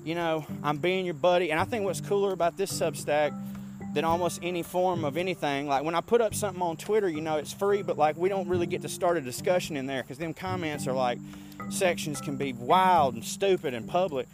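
A man, hosting a casual podcast rant while walking outdoors, animated, profane and rambling. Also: fairly high pitch, a little fast, over music. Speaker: podcast host.

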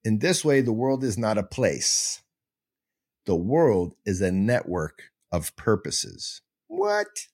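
A man hosts a podcast and talks through heavy ideas slowly and deliberately. His pitch swings widely and animatedly. He is playful, digressive and self-mocking, and he happily adds goofy sound effects. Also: expressive, a little mellow, husky. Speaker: podcast host. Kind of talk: casual teaching monologue.

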